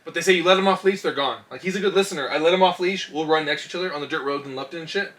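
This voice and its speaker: A man co-hosting a casual comedy podcast, telling stories with lots of swearing and bursts of shouting. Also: a little high, rapid-fire. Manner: profane storytelling, shouts when acting out scenes. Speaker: podcast co-host.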